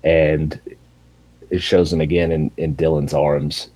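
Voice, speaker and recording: A man with a very low, dark and husky voice, retelling a TV finale in loose, casual chat. He swears freely and slips into raised voices when quoting the characters. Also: slow pace, poor audio. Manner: animated storytelling with profanity, acting out characters in raised voices.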